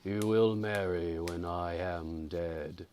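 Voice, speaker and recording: A bitter, sinister old nobleman on his deathbed, put on by a male storyteller. He speaks in a slow, low, menacing murmur. The voice is deep and unhurried. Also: steady tone, darkish tone, a little hiss or hum.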